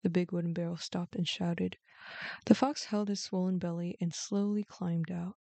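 A woman hosting a show and reading a bedtime story aloud in a gentle, expressive way. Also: on the low side, moderate pace, no echo. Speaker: host and storyteller.

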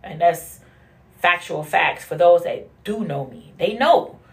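A woman hosting a casual monologue podcast, blunt and profane, who laughs often and swings from low mutters to high bursts. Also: lively intonation, slow, gravelly. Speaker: podcast host.

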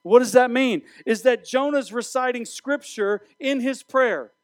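High-voiced animated youth pastor preaching. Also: male voice, a little slow, no room sound. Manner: animated preaching with direct address. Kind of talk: sermon.

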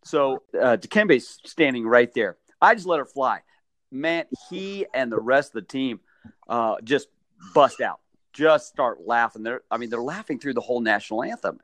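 A man's voice: medium pitch, moderate pace, no room sound. A man hosting a casual chat, telling stories from his time as a sports mascot. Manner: chatty, animated storyteller.

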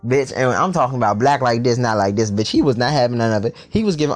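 A man's voice: mid-range voice, animated, fast talker, few pauses, faint music behind. A young man telling a story in a casual vlog, sassy and profane, with lots of energy.

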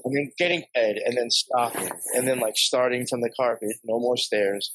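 A man's voice: mid-range voice, normal speed, fairly bright tone, poor audio. A man with a New York accent telling a long, rambling story, swearing often and laughing as he talks. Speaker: podcast guest. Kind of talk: casual storytelling.

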